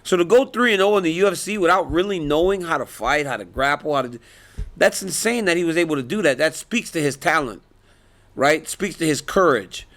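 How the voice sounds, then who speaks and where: A man in his forties fields reporters' questions in a casual interview. He tells his stories in an animated way and laughs often. His voice sits somewhat high for a man. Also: brisk. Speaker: interviewee, MMA fighter and analyst.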